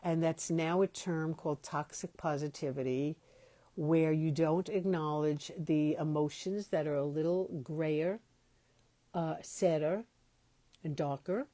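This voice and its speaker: Slow, low-voiced woman podcaster. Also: fairly even intonation, warm tone, no room sound. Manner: slow, pausing, self-correcting speech. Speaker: podcast host. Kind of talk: reflective spiritual talk. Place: home, moved from New York to Los Angeles.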